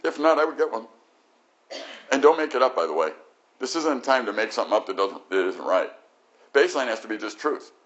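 An older man preaching a sermon, animated, swinging from loud exclamations to quiet, reflective stretches. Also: mid-range voice, fairly quick, long pauses. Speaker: pastor. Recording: dull lo-fi recording.

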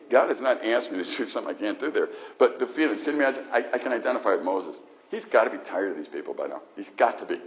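A man's voice: lowish voice, lively intonation, fast, hardly any pauses, lo-fi sound. A male pastor preaching a sermon in an emphatic, conversational way with frequent restarts.

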